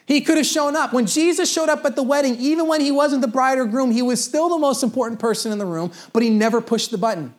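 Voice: high voice, quick pace, few pauses. A pastor preaching a sermon in a conversational way, repeating key phrases for emphasis.

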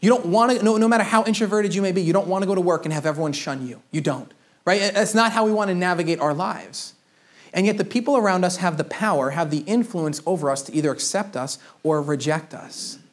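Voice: mid-range voice, fast talker. Conversational preacher giving a sermon. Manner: conversational, addresses the congregation directly; frequent word repetitions and restarts.

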